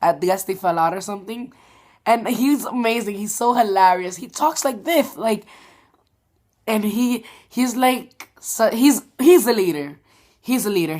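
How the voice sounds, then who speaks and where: A woman's voice: mid-range voice, unhurried, a little mellow. A young woman giving a rambling, gushing spoken review of a stage show, full of "like" and "um". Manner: gushing, rambling, heavy "like" and "um" fillers. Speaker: theater reviewer vlogger.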